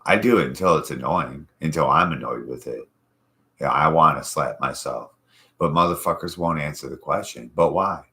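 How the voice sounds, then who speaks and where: A man's voice: extremely low pitch, moderate pace, bright, forceful tone. A man hosting a casual chat show, telling profane, rambling stories from his life. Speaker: podcast host.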